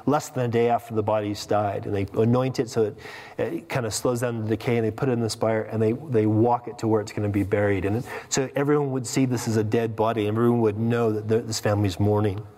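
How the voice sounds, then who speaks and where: A man's voice: on the low side, fairly even intonation, fast talker, dark tone. A man preaching a sermon as pastor, emphatic, with rhetorical questions and repeated words. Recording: long reverb of a hall.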